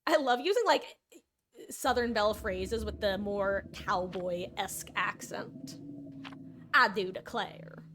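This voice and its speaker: A woman streamer chats casually and playfully as she plays a game, her mid-range voice slow. She rambles and corrects herself along the way, with slight background noise in the recording.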